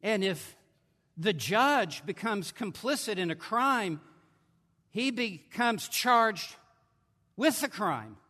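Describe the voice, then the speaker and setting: A man preaching in a large hall, his voice high and sharply bright against the long reverb. He delivers his sermon emphatically, leaning hard into declarations and then dropping to quieter, intense asides. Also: big pitch swings, takes it slowly, long pauses. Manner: emphatic preaching, swinging between forceful and hushed.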